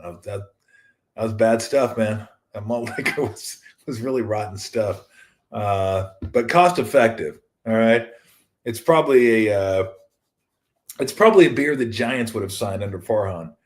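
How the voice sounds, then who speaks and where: A man's voice: fairly low pitch, a little slow. A man in his fifties hosting a casual solo sports talk show, rambling and joking as he acts out other people's voices.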